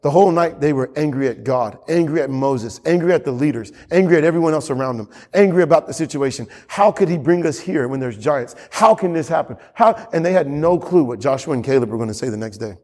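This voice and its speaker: A man preaches with fervor, his voice sitting high and climbing further as he presses each point. He repeats lines for weight, delivering a sermon to a congregation. The sound carries a long reverb from a large hall. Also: expressive, fast talker, hardly any pauses, a little mellow. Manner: impassioned, repeats phrases for emphasis. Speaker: pastor.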